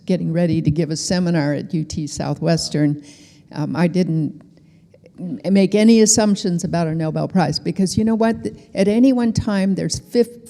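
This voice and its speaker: A woman's voice: fairly low pitch, dark tone. A woman in her sixties telling a story on stage as a guest, with dry, wry humor. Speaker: Nobel laureate guest. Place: lecture hall. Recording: long hall reverb.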